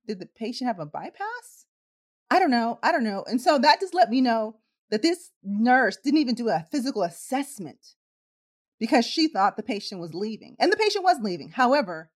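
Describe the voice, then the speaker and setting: A middle-aged woman, a transport nurse, telling a story from work in a monologue and acting out both sides of the dialogue with rising indignation. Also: a little high.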